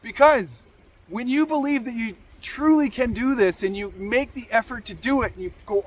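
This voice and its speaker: A man's voice: very high-pitched, moderate pace, dry recording. A man hosting a motivational talk, earnest and encouraging, repeating key phrases for emphasis. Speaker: podcast host.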